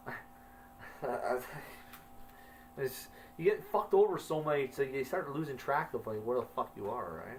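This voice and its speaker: A man with an ordinary mid-range voice reads his old journal entries aloud in a flat, careful way. Between entries he drops into loose, cursing asides. There is a faint hum of noise behind him. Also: medium pitch, recorded from a distance, low-quality recording. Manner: reads stiffly then breaks into loose swearing asides. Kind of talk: casual reading aloud with offhand asides.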